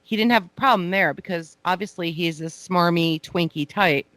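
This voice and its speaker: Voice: medium pitch, normal speed, a bit bright, dry recording. A podcast co-host in casual chat, making sardonic, mocking remarks.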